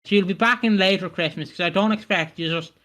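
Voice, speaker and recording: A man's voice: high voice, fairly quick, pushed and bright. A man co-hosting a podcast, recapping casually in a rambling way with frequent self-corrections and laughter. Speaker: podcast co-host.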